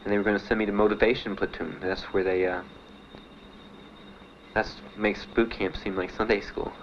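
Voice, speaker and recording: A man being interviewed about his time in the service, telling his story in a halting, plainspoken way with many fillers. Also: on the low side, little pitch movement. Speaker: veteran interviewee. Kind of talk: documentary interview. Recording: dull archival recording with faint hiss.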